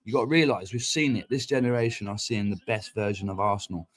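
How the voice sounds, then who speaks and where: A man, hosting a fan live stream and ranting in a heated, sweary, rapid-fire way. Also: fairly low pitch. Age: 40s. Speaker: fan channel host. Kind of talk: casual live-stream rant. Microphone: streaming mic.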